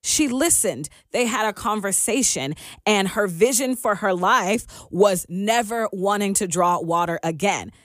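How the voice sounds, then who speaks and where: A woman giving casual spoken commentary on faith, pausing to find her words and reading Bible passages aloud. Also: mid-range voice, a bit bright, dry recording, studio quality. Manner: conversational, searching for words, reads scripture aloud. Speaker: Christian commentator.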